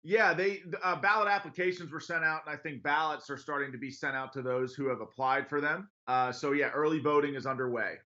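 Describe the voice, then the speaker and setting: A man in his thirties from western Pennsylvania, a congressional candidate telling his story in an earnest, brisk radio interview. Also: fairly high pitch, fairly even intonation, bright, forceful tone, dull audio. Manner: earnest, brisk, laughs easily while telling stories.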